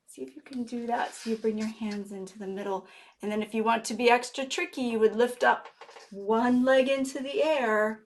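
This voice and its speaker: A woman librarian reading a picture book aloud at children's story time, playful and animated, gasping and asking the children questions. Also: a little high. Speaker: guest librarian.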